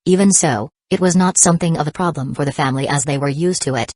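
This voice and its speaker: A woman giving steady, scripted narration of an audiobook. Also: sits low, fast talker.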